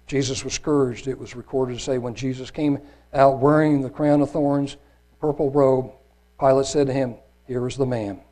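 A man delivers a sermon in an earnest, grave tone, reading scripture aloud. His voice sits at a middle pitch, and he sometimes stumbles and restarts a word. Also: steady tone, normal speed, dark tone. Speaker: preacher.

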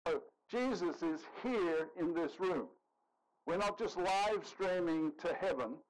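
A man's voice: high-pitched, lively intonation, slow pace, a little hiss or hum, poor audio. A man preaching a sermon in a conversational way, joking with the congregation.

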